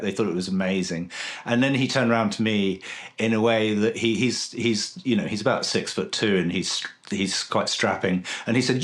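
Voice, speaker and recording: A man in his forties hosting a casual interview, telling a personal story in an earnest, reflective way. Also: fairly low pitch. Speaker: podcast host.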